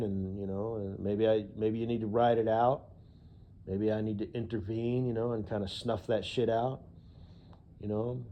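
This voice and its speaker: Rambling, profane man with a mellow voice. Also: on the low side, slight background noise. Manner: rambling, profane, heavy on "you know" fillers. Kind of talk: casual rambling monologue.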